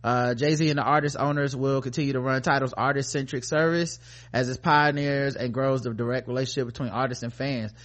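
A man co-hosting a podcast, ranting in a profane, animated, mock-outraged way. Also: mid-range voice, fairly quick. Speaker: podcast co-host. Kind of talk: casual comedic rant.

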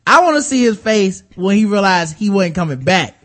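High-voiced man in lively banter. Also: normal speed. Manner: animated, acts out quotes with loud laughing bursts. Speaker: podcast co-host. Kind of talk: casual comedic chat.

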